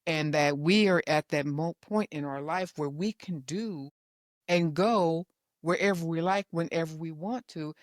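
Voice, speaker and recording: Middle-aged mom as guest; articulate, good-humored, mid-range voice, dry mic. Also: female voice, low-pitched, unhurried, no echo. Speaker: guest, host's mother. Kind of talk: casual chat.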